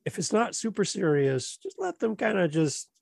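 A middle-aged man hosting a relaxed podcast chat, his voice a little gravelly and pitched slightly high. He tells anecdotes in an animated way, jumping up to playful voices for the children in his stories. The sound is dry and close. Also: moderate pace, no echo. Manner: animated storyteller who acts out children's voices. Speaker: podcast host. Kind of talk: casual interview chat.

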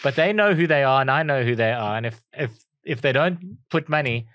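A man's voice: medium pitch, lively intonation, fairly quick, crowd noise. Wry South African man trading stories. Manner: wry storyteller, chuckles through punchlines. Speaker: podcast co-host. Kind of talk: casual comedic chat.

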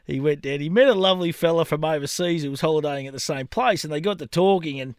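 A middle-aged Australian man telling funny stories in a casual chat, animated and quick to laugh. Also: a little high, clear, resonant tone, dry recording, clean studio sound. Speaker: podcast co-host.

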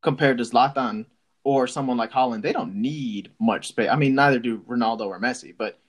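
Casual sports podcast co-host: young man, mid-pitched, excitable, laughs easily. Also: brisk. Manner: excitable, laughs often, many restarts.

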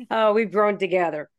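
A middle-aged woman from Pennsylvania hosting a casual faith-based interview, chatty and energetic, laughing often. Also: medium pitch, highs cut off. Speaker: podcast host.

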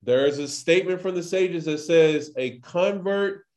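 A man's voice: fairly high pitch, a little slow, a little mellow. Chatty man teaching scripture casually. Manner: chatty, full of "like" and acted-out quotes. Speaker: Torah teacher. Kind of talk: casual scripture study talk.

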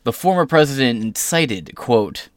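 A man's voice: mid-range voice, animated, measured pace, no echo, studio quality. A young man hosting casual news commentary, reading out articles with irreverent, sarcastic and profane asides. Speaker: host.

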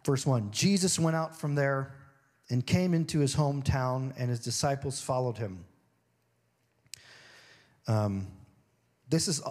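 Animated, fairly high-voiced male pastor. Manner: conversational preaching that acts out the townspeople's voices; swings between low, hushed reading and high, emphatic stretches. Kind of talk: sermon.

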